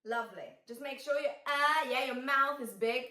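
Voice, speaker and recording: A woman's voice: high-pitched, moderate pace, bright, forceful tone, reverberant, recorded from a distance. A woman vocal coach teaching a singing lesson, encouraging her students and breaking into sung examples.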